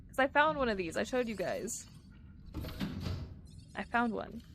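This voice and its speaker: A woman's voice: a little high, expressive, moderate pace, pauses often, a bit bright, soft background music. A woman streamer chatting casually with her viewers while playing a game live, giggling often. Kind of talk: live-streamed gameplay chat.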